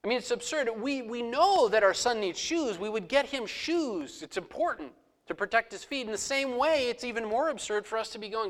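A man's voice: high-pitched, lively intonation, normal speed, a bit bright. A middle-aged man preaching a sermon as pastor, conversational, acting out prayers aloud in his own voice.

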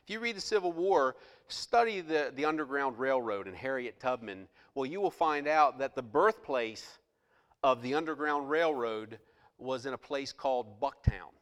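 A male pastor preaching a sermon with passion, swinging between loud outbursts and hushed asides. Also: medium pitch, lively intonation, moderate pace, long reverb tail.

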